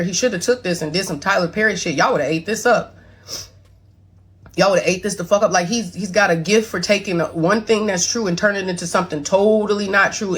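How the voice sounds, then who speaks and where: A woman's voice: on the low side, breathy edge. A middle-aged woman talking blunt and profane straight to camera, emotional and on the verge of tears as she defends herself to her son's followers. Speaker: mother responding to her son online.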